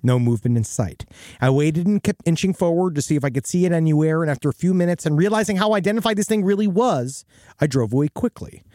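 Podcast host, man, reads a listener story with wry asides, fairly high voice, dry close sound. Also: animated, quick pace, warm tone, no room sound. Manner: wry, conversational, with crude asides. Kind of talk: reading a listener story aloud, casual chat.

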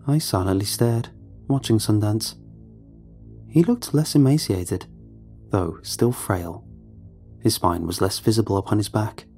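A man tells a first-person horror story, calm and measured throughout. His voice is low and mellow with a husky grain. Faint music runs under him.

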